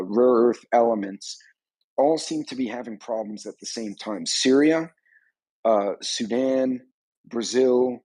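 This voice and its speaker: A man's voice: medium pitch, dark tone, breathy edge, no room sound, low-quality recording. A man hosting a live stream on a preparedness channel, giving rambling, conversational commentary on current events.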